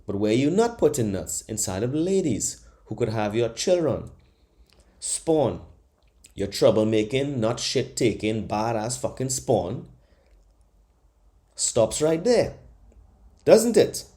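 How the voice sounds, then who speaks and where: Male podcast host on a comic rant, mellow dark voice, brash, swears freely, mocks. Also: on the low side, unhurried. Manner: animated, profane, mocking voices in bursts. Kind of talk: comedic monologue rant.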